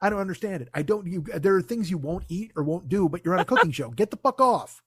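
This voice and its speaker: A man in his forties with a fairly high voice rants through a comic story, swearing freely and sounding fed up. The sound is dry and close, with no room around it. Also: animated, fast, a bit bright, slightly rough, dry recording. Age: 40s. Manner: profane, exasperated storytelling. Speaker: comedian podcast host. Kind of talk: casual comedic rant.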